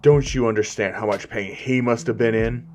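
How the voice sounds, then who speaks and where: A man voicing a furious older hero who accuses and shouts in a fan-made story. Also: medium pitch, steady tone, normal speed, faint music behind, close to an everyday voice. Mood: angry. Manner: angry, accusing.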